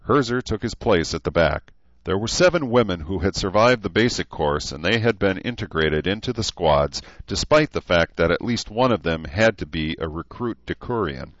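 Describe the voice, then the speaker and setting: A man reading an audiobook in a steady, measured way, on a dull, dry recording. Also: sits low, no echo. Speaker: audiobook narrator. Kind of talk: scripted narration.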